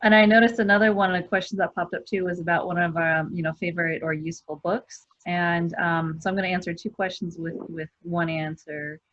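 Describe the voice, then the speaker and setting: Low-voiced woman giving earnest advice. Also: level tone, a little fast, few pauses, fairly bright tone, no echo. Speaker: panelist, hospital executive. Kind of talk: video-call panel discussion. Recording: dull, dry lo-fi call audio.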